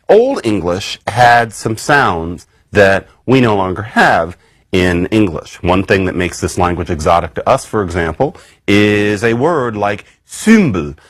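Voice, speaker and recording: Male university lecturer, lively swooping delivery, lowish voice, dry close sound. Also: no echo. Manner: animated, wry, conversational, with sudden high leaps in pitch. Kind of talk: recorded academic lecture.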